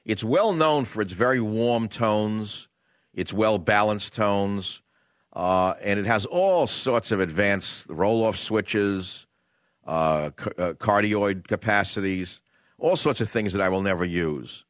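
A man's voice: on the low side, takes it slowly, no echo, muffled recording. A man with a New York accent hosting a talk radio show, brash and conversational, drawing out words for emphasis in a studio. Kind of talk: opinionated talk radio monologue. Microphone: studio condenser microphone.

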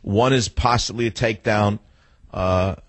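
An opinionated man hosts a political talk radio show in a blunt, rambling way. His voice sits low and sounds a little husky. The studio sound is close and dry. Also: steady tone, a little slow, fairly bright tone, no room sound. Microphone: studio microphone.

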